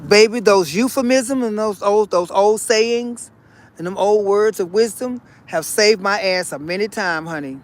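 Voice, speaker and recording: A man's voice: sits high, unhurried. A man vlogging a casual spiritual monologue, folksy and repetitive, calling his viewers honey and y'all. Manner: animated, preachy.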